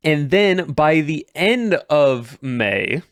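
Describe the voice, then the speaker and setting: A man's voice: a little high, animated, very slow, no echo, clean studio sound. A male streamer chatting casually to his chat as he recaps the year, rambling and repeating words. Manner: rambling, repeats words, trails off mid-sentence.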